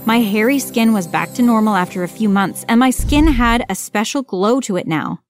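A woman narrating a first-person story in a plain, steady reading voice. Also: on the high side, moderate pace, soft background music.

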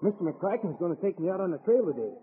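A man's voice: high-pitched, big pitch swings, rapid-fire. An actor playing an eager, polite boy who loves dogs, in a 1950s radio drama on a noisy, lo-fi old broadcast. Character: eager dog-loving boy.

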